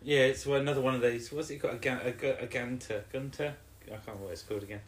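A man's voice: mid-range voice, fairly even intonation, very fast, echoey room. A man co-hosting a casual podcast, rambling and hesitant, with plenty of fillers and jokey asides. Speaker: podcast co-host. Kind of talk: casual chat.

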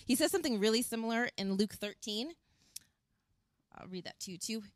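A woman preaching a sermon as a pastor, earnest and animated, acting out quotes as she tells the story. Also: on the high side, brisk, no echo. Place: outdoors in wind.

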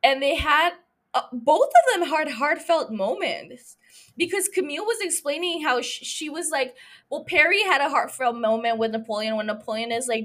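A woman's voice: sits high, lively intonation, moderate pace, fairly bright tone. A young woman hosting a podcast, recapping a show in a rambling, profane, self-mocking casual chat. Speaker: podcast host.

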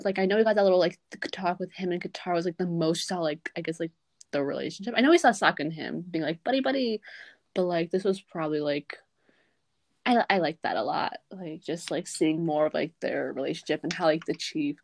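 A woman's voice: on the low side, no echo. Rambling young woman podcast host. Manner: rambling, lots of 'like' fillers, giggly. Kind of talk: casual podcast chat.

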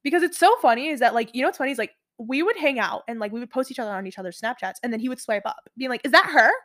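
A woman's voice: fairly high pitch, racing. A woman in her twenties chatting casually with a friend, rambling through stories with lots of "like" fillers. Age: 20s. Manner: chatty, full of "like" fillers, quoting others. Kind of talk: casual chat.

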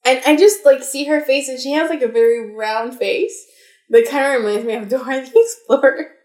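Young woman rambling through a story on a podcast, kinda high voice, roomy echo. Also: normal speed, a little mellow. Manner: chatty storytelling with fillers and restarts. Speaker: podcast co-host. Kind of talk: casual chat. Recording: echoey room.

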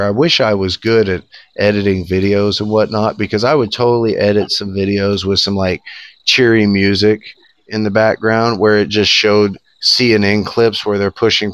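A man with a low voice holds forth on a casual talk podcast. He rants with sarcasm and lots of swearing, and his pitch jumps up when he gets worked up. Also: no room sound. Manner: profane, sarcastic, animated ranting with laughs. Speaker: podcast co-host. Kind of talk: casual political podcast rant.

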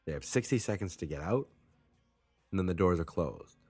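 A man's voice: low voice, lively intonation, normal speed, a little mellow, husky, dry recording, faint music behind. A man with a Massachusetts accent, hosting a wrestling talk show in rambling, profane, self-mocking casual chat. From Massachusetts, USA.

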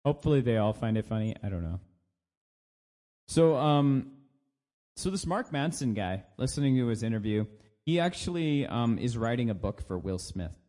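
A man's voice: medium pitch, expressive, normal speed, mellow. Joking American man in casual chat. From United States. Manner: jokey, puts on silly voices and laughs often. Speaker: podcast co-host.

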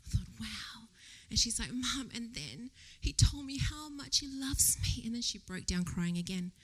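A woman giving a casual church sermon. She tells a personal story in a chatty, animated way, laughs often and drops to a whisper for quoted thoughts. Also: on the high side, normal speed. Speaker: lay preacher. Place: church service before a congregation.

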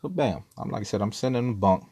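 A man's voice: lowish voice, expressive, fast, mellow, husky, no echo, studio quality. A man casually telling a story, laid-back and profane, rambling with frequent laughs.

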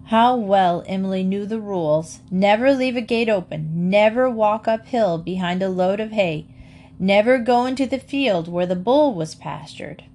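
A woman narrating a children's chapter book in a clear, steady storytelling voice. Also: mid-range voice, moderate pace. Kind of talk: storybook read-aloud.

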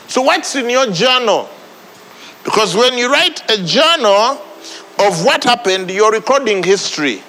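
A man's voice: sits high, big pitch swings, unhurried, bright, forceful tone, big-room sound, a little hiss or hum, poor audio. A man preaching a sermon, repeating phrases for emphasis. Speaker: pastor.

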